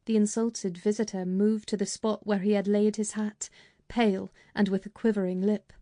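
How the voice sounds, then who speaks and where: Woman audiobook narrator, warm mellow tone, dry close studio sound, measured delivery. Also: medium pitch, level tone, dry recording. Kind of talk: scripted narration.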